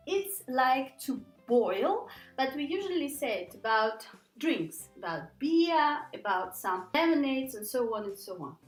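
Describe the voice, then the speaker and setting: A woman teaching an English pronunciation lesson, patiently repeating words slowly for learners to copy. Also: high voice, roomy sound, poor audio.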